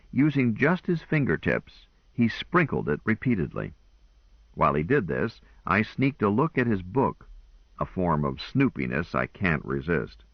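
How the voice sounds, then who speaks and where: Low-voiced guy reading an audiobook, really lively pitch, dry dull lo-fi sound. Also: dry recording. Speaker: audiobook narrator. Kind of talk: audiobook narration.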